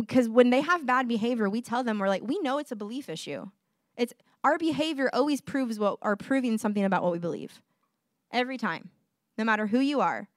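A woman's voice: fairly high pitch, dry recording, clean studio sound. A young woman giving a casual sermon in a conversational way, laughing often and using lots of fillers. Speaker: preacher.

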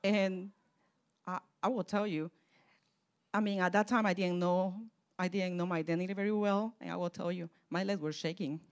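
A woman's voice: lowish voice, fairly even intonation, moderate pace. Fervent woman preaching a testimony. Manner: fervent, storytelling, swings from soft to loud. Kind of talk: sermon testimony.

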